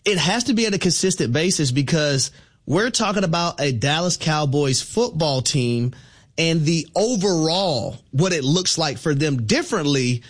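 A man's voice: fairly high pitch, animated, moderate pace, breathy edge. A man co-hosting a sports talk radio show, arguing his points emphatically with stats. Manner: emphatic, stat-heavy argument.

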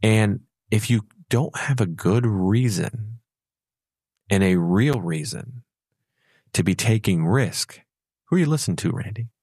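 Low-voiced, playful male advisor. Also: expressive, measured pace, darkish tone, husky, no room sound, studio quality. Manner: storytelling, playful, laughs at his own jokes. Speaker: financial advisor co-host. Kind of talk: conversational radio talk.

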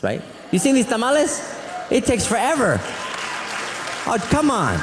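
Animated high-voiced stand-up comedian man. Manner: animated storytelling, acts out family members in quick voices. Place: comedy club stage. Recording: roomy live venue with reverb. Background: audience laughter.

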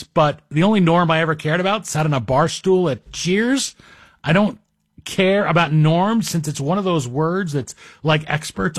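A man with a fairly high voice is guest-hosting a talk radio show, with no echo in the recording. Speaking into a studio microphone, he delivers a rambling, self-deprecating, conversational monologue.

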